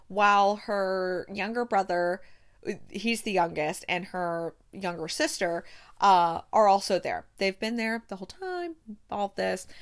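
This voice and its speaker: A woman hosting a casual movie recap, chatty and animated, with exaggerated outbursts. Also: medium pitch, smooth. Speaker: movie review host.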